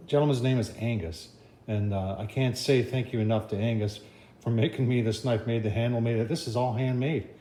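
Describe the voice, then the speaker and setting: Warm and medium in pitch, this man's voice carries a little hiss or hum in the audio. He hosts a laid-back cooking vlog, speaking in a folksy, chatty way and frequently addressing viewers as folks.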